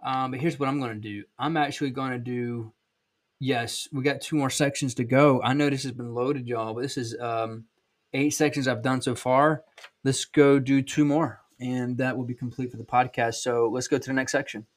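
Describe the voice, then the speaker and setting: A man in his thirties with a Southern accent talks through a casual podcast monologue. His voice sits at an everyday middle pitch, and his manner is blunt and emphatic, with frequent ums and restarts. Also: fairly even intonation, moderate pace. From South Georgia, USA. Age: 30s. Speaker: podcast host and sales trainer.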